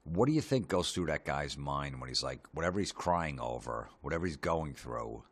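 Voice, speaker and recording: A man hosting a comedy podcast, ranting sarcastically with lots of swearing and deadpan asides. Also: very deep voice, normal speed.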